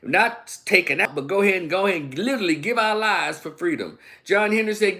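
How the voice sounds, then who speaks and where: A man's voice: sits high, fairly quick, pushed and bright. A man hosting a livestream commentary monologue, preaching emphatically and firing off rhetorical questions. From Memphis, USA. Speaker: online political commentator.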